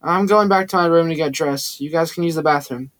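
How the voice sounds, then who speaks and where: A man's voice: on the high side, a little fast, a bit bright, no room sound, lightly acted. A cool, commanding woman, read by a man. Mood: firm. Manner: cool and cold.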